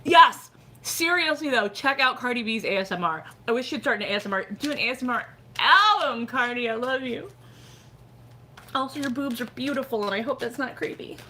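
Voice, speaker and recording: A woman's voice: on the high side, animated, fast, sharp tone, a little hiss or hum. A middle-aged woman chatting casually on a live stream, rambling with lots of "like" and "you know" as she gives fortune readings.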